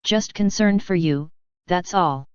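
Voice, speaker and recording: Caring worried guy, a woman reading him, smooth dull-sounding recording. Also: on the low side, slow pace, darkish tone, no room sound. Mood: concerned. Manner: concerned, caring. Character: caring young-ish man worried for neighbor.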